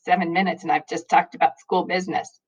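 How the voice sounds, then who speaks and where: Low-voiced chatty woman teacher. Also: level tone, fast, slightly rough. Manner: chatty and rambling, laughs often. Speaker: high school math teacher. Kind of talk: casual video chat to students. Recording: dull lo-fi recording.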